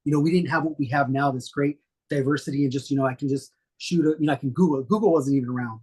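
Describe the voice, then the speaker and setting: A middle-aged man, a guest, telling stories in a relaxed, rambling way with many fillers. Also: medium pitch, racing, breathy edge. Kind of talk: casual storytelling interview.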